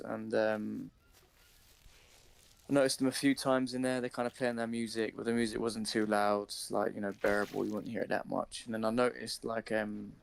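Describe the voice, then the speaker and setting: A young man on a live stream, telling a story casually, swearing a lot and acting out his own shouting. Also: medium pitch, gravelly.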